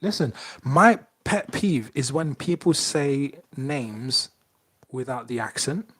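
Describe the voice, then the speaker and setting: A man's voice: mid-range voice, expressive, takes it slowly, a bit bright, breathy edge. A man co-hosting a podcast, chatting casually and playfully reading out quiz questions. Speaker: podcast co-host, quizmaster. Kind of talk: casual chat.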